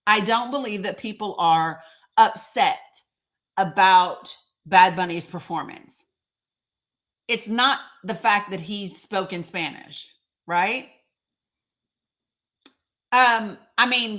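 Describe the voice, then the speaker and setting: A woman's voice: medium pitch, takes it slowly, pauses often, a bit bright. A woman with a Northeast Tennessee accent hosting a live stream, chatting emphatically and calling out commenters by name. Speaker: livestream host.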